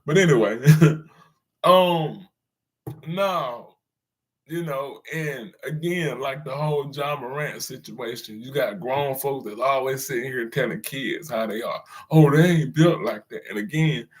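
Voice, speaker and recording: A man's voice: mid-range voice, measured pace. A man hosting his own channel, delivering a loose, slangy commentary rant and chuckling at his own jokes.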